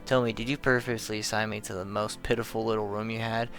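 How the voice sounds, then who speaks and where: A man's voice: lowish voice, level tone, fast talker, a bit bright, faint music behind. A man voicing a fussy, snobbish older woman houseguest who looks down on everything. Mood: disdainful. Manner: haughty complaining.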